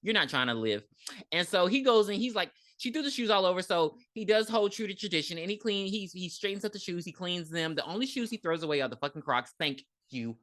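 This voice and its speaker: A woman co-hosting a podcast, recapping a movie in blunt, profane, animated casual chat. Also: on the low side, quick pace, hardly any pauses, dry recording, studio quality. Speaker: podcast co-host.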